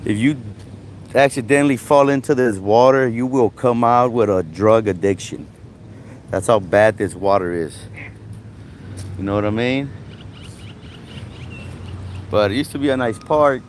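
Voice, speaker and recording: A man's voice: medium pitch, unhurried, long pauses, slight background noise. Rambling man livestreaming while walking. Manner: casual, rambling, lots of "you guys" and "you know". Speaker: street vlogger. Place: outdoors in a city park by traffic.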